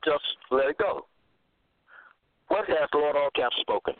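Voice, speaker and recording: A man's voice: on the high side, lively intonation, measured pace, dry recording. A man giving a Bible teaching monologue, asking his listeners question after question and repeating himself. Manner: repetitive, asks listeners rhetorical questions. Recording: dry, phone-like lo-fi audio.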